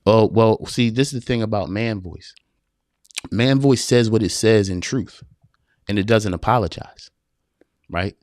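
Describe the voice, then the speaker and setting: A man's voice: fairly low pitch, measured pace, pauses often, a little mellow, dry recording, clean studio sound. A man hosting a live-streamed talk for men. He is emphatic and repetitive, calls listeners brother, and answers viewer questions as they come in. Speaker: podcast host.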